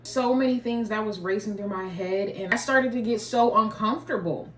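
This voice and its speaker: A woman's voice: mid-range voice, moderate pace, a bit bright, echoey room, recorded from a distance. A woman vlogger telling a casual story while eating, in a chatty, slangy way.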